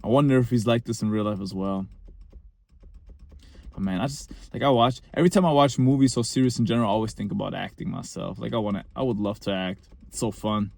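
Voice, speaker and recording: A man's voice: fairly low pitch, fast talker, vocal fry, darkish tone, dry recording. A young man telling a personal story in a casual, rambling monologue, full of fillers and short laughs.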